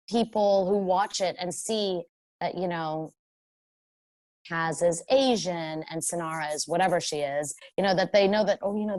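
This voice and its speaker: Earnest low-voiced woman, dry sound. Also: darkish tone, dry recording. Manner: reflective, earnest, with frequent "you know" and restarts. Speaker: voice actor guest. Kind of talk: casual interview.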